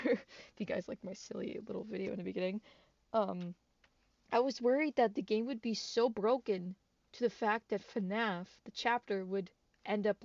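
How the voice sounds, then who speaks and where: A woman's voice: mid-range voice, creaky, a little mellow, dry recording. A woman hosting a gaming channel, congested from a cold, rambling through game news in a chatty way with frequent giggles and restarts. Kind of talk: casual gaming news commentary. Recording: dull, dry lo-fi mic.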